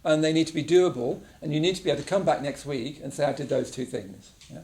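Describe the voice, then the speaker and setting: This English mindfulness teacher talks fast in a voice on the high side and a little mellow. He keeps the class conversational, regularly checking in with "yeah?" in the meditation room.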